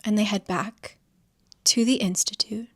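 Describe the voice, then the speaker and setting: A woman's voice: mid-range voice, steady tone, a little slow, a bit bright. A woman recapping a novel's plot casually, chatty, with wry asides and giggles. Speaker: book summary creator.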